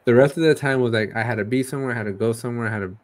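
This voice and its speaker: Excitable man host. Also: medium pitch. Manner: fast, excitable storytelling with laughs. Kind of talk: casual interview chat.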